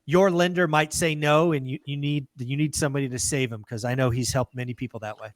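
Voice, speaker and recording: A man's voice: medium pitch, steady tone, quick pace, no room sound. A man hosting an interview podcast, speaking in an upbeat, emphatic way and addressing listeners directly. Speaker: podcast host. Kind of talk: casual interview chat.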